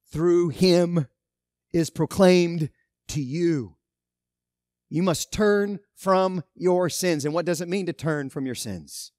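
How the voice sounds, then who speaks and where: A man pastor preaching a sermon, emphatic, with loud stresses and quiet asides. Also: a little high, no room sound, clean studio sound.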